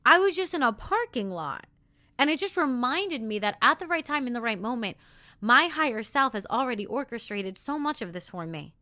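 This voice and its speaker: A young woman hosting a spiritual self-help podcast, talking in an earnest, intimate way that moves between soft reflection and sassy encouragement. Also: a little high, lively intonation, normal speed, no echo, clean studio sound. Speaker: podcast host.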